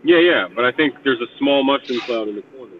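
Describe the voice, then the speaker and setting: A man's voice: medium pitch, fast talker, a crowd in the background. Cussing man on a tinny line. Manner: rambling, profane, laid-back. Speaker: podcast co-host. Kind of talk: casual group chat. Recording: tinny phone-like line with faint hiss.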